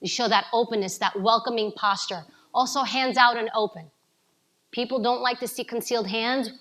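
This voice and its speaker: A woman from New giving an energetic coaching talk to a live audience, asking them questions. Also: on the high side, normal speed. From New York City. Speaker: speaker at a summit.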